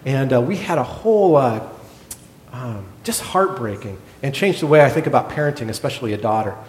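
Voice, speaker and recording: A middle-aged man preaching a sermon, telling a hospital story in a lively way and acting out the other people's lines. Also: brisk. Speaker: pastor, former hospital chaplain. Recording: echoey hall with a faint rumble.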